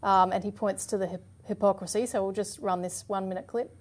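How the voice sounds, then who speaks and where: A woman's voice: medium pitch, fast talker. A woman co-hosting a political commentary show, explaining steadily and reading out quotes. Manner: steady, explanatory, frequent "yeah" and "um". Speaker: co-host.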